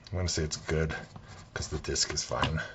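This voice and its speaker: A man talking through his video game collection in a relaxed, soft-spoken way, thinking aloud as he goes, at home. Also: very deep voice, moderate pace, very noisy.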